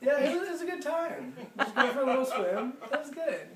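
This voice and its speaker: A man's voice: very high-pitched, expressive, brisk, a crowd in the background. A man telling a story casually in an easygoing way, chuckling as he goes. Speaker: interviewee. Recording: echoey room, from a distance.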